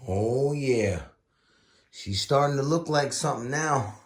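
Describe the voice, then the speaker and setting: A man's voice: medium pitch, measured pace. A man hosting a casual build tutorial, folksy and playful, with bursts of exclamation. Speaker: RC car builder, channel host.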